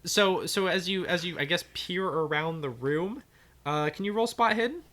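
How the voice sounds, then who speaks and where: A game master narrating a tabletop horror game, animated and quick to laugh. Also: mid-range voice.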